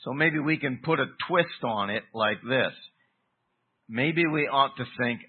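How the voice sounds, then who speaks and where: A man preaching an expository sermon, teaching deliberately with emphatic pauses. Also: mid-range voice, husky. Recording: tinny phone-like recording.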